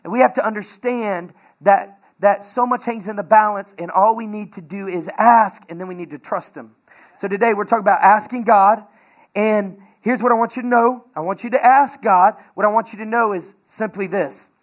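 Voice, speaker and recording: A man preaching a sermon as pastor, energetic and conversational, telling everyday stories with laughter. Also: sits high, moderate pace.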